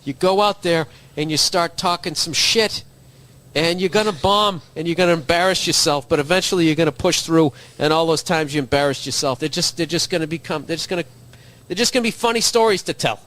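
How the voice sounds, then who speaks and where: Profane, brash podcast comedian, higher voice. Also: male voice, fairly quick, a bit bright. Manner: crude, profane, swaggering, laughing at his own jokes. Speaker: podcast host. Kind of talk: comedic solo podcast rant.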